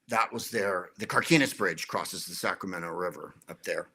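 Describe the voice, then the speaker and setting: A man's voice: on the low side, moderate pace, hardly any pauses, sharp tone. A middle-aged American man, a guest comedian, telling rambling stories with wry jokes. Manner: rambling, wry, jokey storytelling. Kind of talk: casual anecdotal interview.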